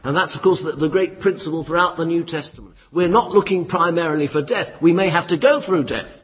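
A man preaching a sermon in an emphatic, lively style with flashes of dry humour. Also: on the high side, brisk, breathy edge. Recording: muffled, echoey hall.

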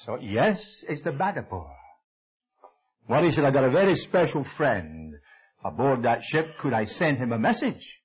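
Older Scottish preacher, lively husky storytelling. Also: male voice, moderate pace, dull audio. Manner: animated storytelling, acting out dialogue with shifting pitch. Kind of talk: sermon with personal storytelling.

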